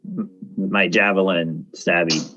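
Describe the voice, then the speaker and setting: A man's voice: low-pitched, fairly even intonation, slow, bright, forceful tone, highs cut off, a little hiss or hum. A man playing in a tabletop game, joking around with his friends. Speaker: player.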